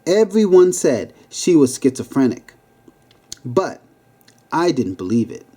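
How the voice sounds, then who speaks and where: A man's voice: mid-range voice, very animated, measured pace, dark tone, husky. A man reading his own memoir aloud as an audiobook narration. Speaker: memoir reader.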